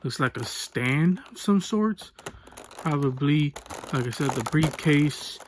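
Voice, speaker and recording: A man from the United States hosting a casual toy unboxing vlog, rambling and relaxed, often saying "so there's that". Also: on the high side, slow pace, background noise. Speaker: toy unboxing channel host. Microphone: phone or webcam on desk.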